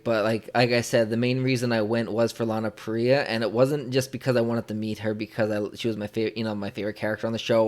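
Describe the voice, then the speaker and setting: A man's voice: mid-range voice, darkish tone. A young man interviewing a guest, telling a personal story in a rambling, emotional way, full of fillers and restarts. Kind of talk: casual conversational storytelling.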